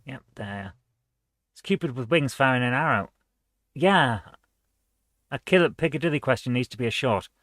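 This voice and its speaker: A man's voice: mid-range voice, expressive, normal speed, pauses often, a bit bright, no room sound, clean studio sound. A man hosting a retro gaming channel, reading quiz questions aloud and chatting casually as he guesses the answers. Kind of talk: casual let's-play commentary.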